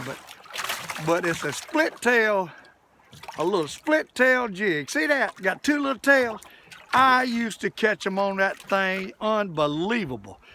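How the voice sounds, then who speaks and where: An older man filming himself fishing from a boat, talking to the camera in a folksy, excitable way and exclaiming often. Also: sits high. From Southern US. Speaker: fishing vlogger. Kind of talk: excited outdoor fishing vlog. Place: small boat on a lake outdoors, windy. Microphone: camera mic in the wind. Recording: distant camera mic with wind noise. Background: wind and boat noise.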